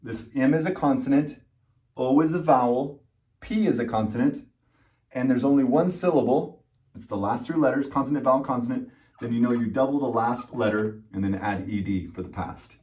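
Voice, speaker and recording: A man teaching English pronunciation, speaking slowly and patiently, repeating words and spelling out letters. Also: mid-range voice, a little mellow. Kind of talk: slow, deliberate pronunciation lesson.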